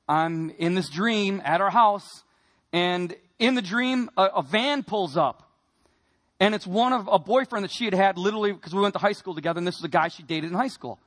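A man with a noticeably high voice delivers an emotional testimony sermon. He tells his story earnestly, dropping to hushed, heavy moments and then pushing hard for emphasis. He speaks as a man from Wisconsin recounting his own life. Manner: earnest storytelling, swinging between quiet and emphatic. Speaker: speaker giving a personal testimony.

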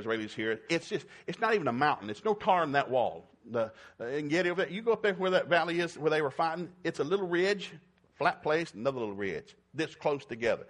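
A man preaching a sermon, retelling Bible stories in a folksy, humorous way and acting out the characters. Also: medium pitch. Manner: folksy storytelling with acted-out voices.

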